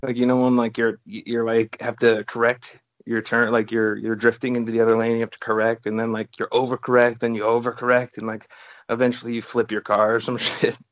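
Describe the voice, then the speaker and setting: A man's voice: medium pitch, little pitch movement, a little fast. Laid-back swearing podcast guy. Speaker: podcast co-host. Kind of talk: casual chat.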